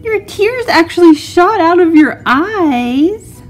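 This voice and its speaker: A woman cooing at a baby doll in a high, very slow voice, soothing it like a mother. Her pitch swings up and down with each sympathetic word. Faint music plays behind her. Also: animated. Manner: cooing, soothing mommy talk. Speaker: toy reviewer. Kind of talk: doll play and unboxing.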